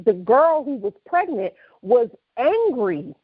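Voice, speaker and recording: A woman's voice: a little high, slow, breathy edge, no echo. New lady on a podcast, telling a story and doing everyone's voices, dry dull mic. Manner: animated storyteller, acts out quoted voices. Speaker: podcast co-host. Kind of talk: casual storytelling chat. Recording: dull, slightly lo-fi dry studio sound.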